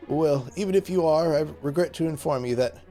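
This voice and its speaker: A man voicing a smug, deluded man who taunts a hero, speaking in a slow, pompous way. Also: on the high side, warm tone, faint music behind, voice pushed up, close to an everyday voice.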